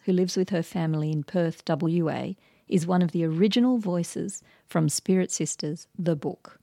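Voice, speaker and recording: A woman hosts her podcast with a scripted, measured introduction. Her lowish voice is mellow and gravelly. It is recorded close and dry, with no room sound. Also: no echo. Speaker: podcast host and author.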